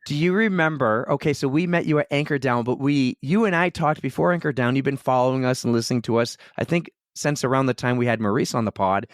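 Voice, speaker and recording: A man co-hosting a running podcast in casual chat, telling animated stories and mimicking others. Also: fast, few pauses, no room sound, studio quality. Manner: animated storyteller, mimics others in high voices. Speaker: podcast co-host.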